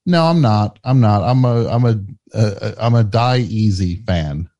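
A man hosting a call-in comedy show who answers in short, deadpan replies. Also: lowish voice, moderate pace, highs cut off. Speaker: radio show host.

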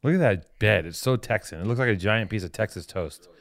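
A man co-hosting a podcast in casual chat, excitable and profane, laughing often. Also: fairly low pitch, a little fast. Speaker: podcast co-host.

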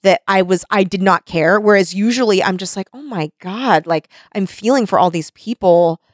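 A woman's voice: mid-range voice, moderate pace, dry recording, clean studio sound. A woman hosting a podcast, chatting casually about a book, blunt and swearing freely. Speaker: podcast host.

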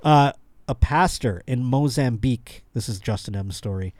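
A man's voice: medium pitch, normal speed, darkish tone, no room sound. A man hosting a comedy podcast, rambling through news stories with crude jokes. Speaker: podcast host. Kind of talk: casual comedic chat.

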